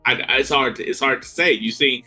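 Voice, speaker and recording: Dude cohosting a podcast, bright voice, kinda hesitant, trails off a lot, faint music behind. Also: male voice, mid-range voice, a little fast. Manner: hesitant, trails off mid-thought. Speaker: podcast co-host. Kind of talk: casual chat.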